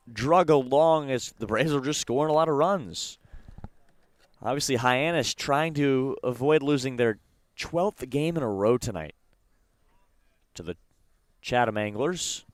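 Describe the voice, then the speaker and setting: Young man, baseball play-by-play announcer, brisk pitch calls, mid-range voice, dry close sound. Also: no room sound. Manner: brisk, calls pitches between standings talk.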